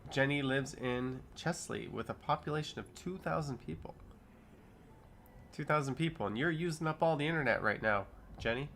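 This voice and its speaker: Casual male streamer, 30s, mid-pitched, chatty chat-reader, faint noise behind. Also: moderate pace, creaky, a bit bright. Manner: chatty, reads chat comments aloud and riffs on them. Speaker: streamer reading live chat.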